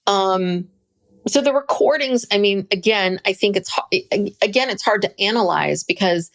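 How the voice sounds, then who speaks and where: Gravelly-voiced woman podcast co-host. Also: medium pitch, moderate pace. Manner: thoughtful, agreeing, with hesitant fillers. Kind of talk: casual chat about a documentary.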